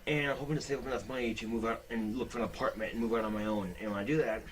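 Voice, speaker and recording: A man's voice: fairly low pitch, steady tone, very fast, rough recording. Rambling young man vlogging at home. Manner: rambling, blunt, swears a lot. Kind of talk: casual webcam vlog.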